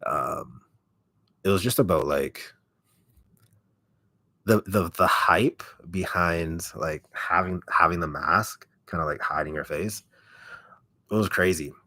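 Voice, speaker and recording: A man with a deep, raspy voice, telling a rambling story full of fillers and swearing as an ASMR YouTuber chatting casually on a livestream. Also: slow, long pauses, sharp tone, dry recording.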